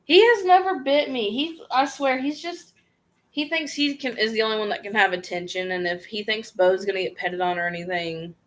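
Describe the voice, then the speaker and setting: Speaking at a normal speed with a mid-range voice, a woman vlogger reads viewers' questions during a casual livestream Q&A. Her answers are frank, offhand, chatty and slangy.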